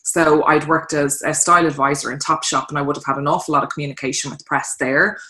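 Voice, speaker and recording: A woman's voice: low voice, quick pace, echoey room. An Irish woman in her thirties telling stories in a casual interview, acting out quotes as she goes. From Ireland. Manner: lively storyteller, acts out quotes in voices. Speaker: guest, fashion designer.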